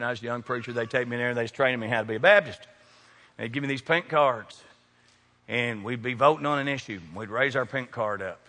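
Male pastor, folksy humor, bright tone, long church reverb. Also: medium pitch. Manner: folksy, joking preacher addressing congregation by name. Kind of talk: sermon. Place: large church sanctuary. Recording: long hall reverb from sanctuary.

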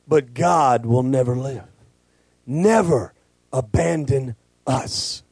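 A male pastor, preaching a folksy, joking sermon that swells into shouting. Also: medium pitch, slow, gravelly, pauses often, husky, dry recording.

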